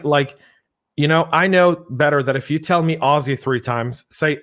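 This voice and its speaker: An American man hosting a casual podcast, with a slightly high voice. He talks with upbeat energy and slips into playful voices for anecdotes. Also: normal speed. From United States. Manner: energetic, animated storytelling with funny voices. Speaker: podcast host.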